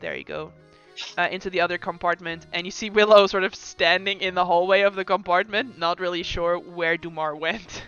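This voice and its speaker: A woman's voice: on the low side, brisk, clear, resonant tone, highs cut off, soft background music. A woman narrating as game master of a tabletop game, laughing often. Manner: giggly, animated narration.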